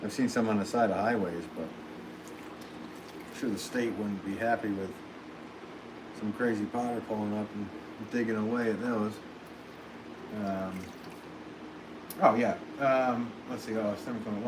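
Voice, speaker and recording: A man's voice: on the low side, fairly even intonation, measured pace, long pauses. A man who is a potter, chatting casually on a livestream from his pottery studio, rambling with many ums and restarts. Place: pottery studio with fans running. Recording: clear fan noise behind the voice.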